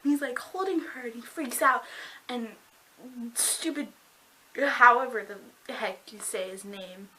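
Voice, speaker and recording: A woman gushing excitedly about a book in a casual review vlog, full of "like" and breathless reactions. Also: on the high side, a little slow, low-quality recording. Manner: gushing and excitable, heavy use of "like".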